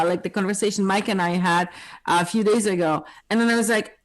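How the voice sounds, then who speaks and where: A woman in a casual discussion who asks questions and pushes back quickly. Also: mid-range voice, poor audio.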